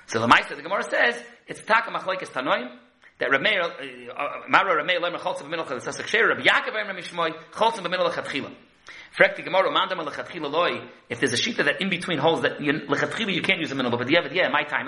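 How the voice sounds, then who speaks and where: Male Talmud teacher, rapid sing-song delivery, high voice. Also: low-quality recording. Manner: quick, lively chanting between Hebrew-Aramaic quotes and English. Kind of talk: Talmud lecture.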